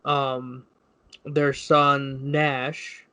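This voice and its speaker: A man's voice: medium pitch, flat delivery, very slow, bright, forceful tone, clean tone. A man co-hosting a casual wrestling podcast, rambling and recounting what others said. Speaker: podcast co-host.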